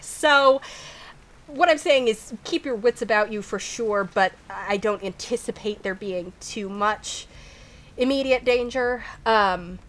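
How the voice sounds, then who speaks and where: A woman narrating as game master in a relaxed, rambling way. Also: medium pitch.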